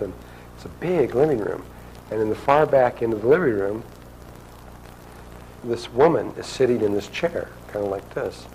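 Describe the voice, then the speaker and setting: A man's voice: on the low side, warm tone, a little hiss or hum, rough recording. A man telling a personal story to an audience in a loose, conversational way, acting out the dialogue. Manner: conversational, acts out quoted dialogue.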